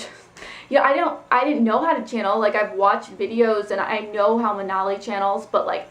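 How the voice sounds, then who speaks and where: A woman telling a personal story in a casual vlog, rambling and loose with lots of "like" and "um". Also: mid-range voice. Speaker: spiritual vlogger. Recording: echoey room.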